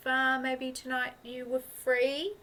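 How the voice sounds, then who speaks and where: A woman playing a bright, eager young student. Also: high voice, monotone, takes it slowly, full character voice. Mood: indignant. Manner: rambling, playful. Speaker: improviser. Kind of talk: improvised comedy scene.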